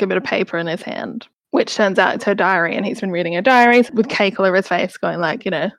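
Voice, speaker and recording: A woman's voice: medium pitch, a bit bright, dry recording. A woman casually recapping a film on a podcast, rambling with lots of fillers. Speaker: podcast co-host.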